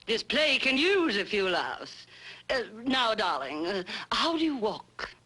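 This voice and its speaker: A vain stage actress, all grand gestures and endless darlings, voiced by a woman. Her voice sits high and bright, swooping freely in a breezy old-time radio comedy. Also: sing-song, unhurried, full character voice. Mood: grandiose. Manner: theatrical, affected, calls everyone darling.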